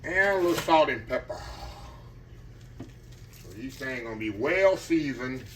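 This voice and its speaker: A man talks his viewers through a home-cooked meal, folksy and chatty and never far from a "y'all". His voice sits at an everyday middle pitch. A steady hiss of background noise runs under the kitchen recording. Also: measured pace. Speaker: cooking channel host. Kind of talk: casual cooking demonstration.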